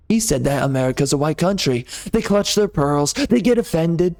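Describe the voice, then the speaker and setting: A man's voice: fairly high pitch, expressive, moderate pace, hardly any pauses, a little mellow. A man from the United States delivering an angry, sarcastic monologue rant on a gaming channel, indignant and emphatic. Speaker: gaming video host.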